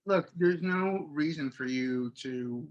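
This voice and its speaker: A man co-hosting a comedy podcast, a dating coach who drops dry, deadpan put-downs. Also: on the high side, slow, highs cut off. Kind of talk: casual comedic chat.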